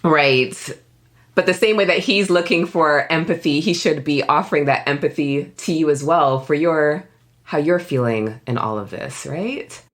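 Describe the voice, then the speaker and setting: Low-voiced woman host, affirming. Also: moderate pace. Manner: brief affirming interjections, empathetic. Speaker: podcast host. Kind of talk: interview.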